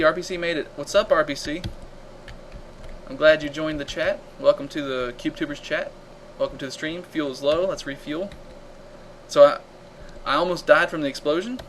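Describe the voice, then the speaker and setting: A man hosting a live game stream, chatting casually and reacting loudly to the action while reading viewer comments aloud. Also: on the high side, brisk, slight background noise, low-quality recording.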